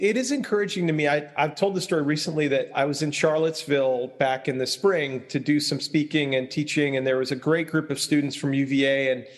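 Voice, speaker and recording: A man's voice: fairly high pitch, big-room sound. A man from Long Island, a church consultant and speaker, talking thoughtfully in a casual conversation and often asking "right?". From Long Island, New York. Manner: thoughtful, reflective, many restarts and "right?".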